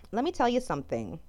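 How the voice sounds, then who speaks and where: A woman's voice: fairly high pitch, clean tone. A woman host ranting in anger, swearing a lot and breaking off mid-sentence as she talks. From France. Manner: angry, profane ranting. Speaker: podcast host. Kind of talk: ranting monologue.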